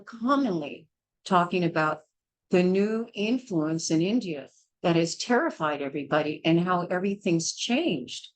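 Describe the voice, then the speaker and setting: An older woman, a midwife, gives a blunt and forceful childbirth class lecture, scolding and repeating herself. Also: on the low side, rough recording. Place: small indoor class.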